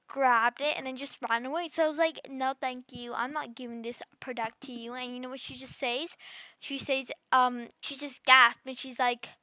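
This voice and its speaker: A woman's voice: high-pitched, pushed and bright, dry recording. A woman voicing a rude, bratty girl under ten who rambles smugly through her story with constant fillers. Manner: smug, gleeful. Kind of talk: voice role-play storytime.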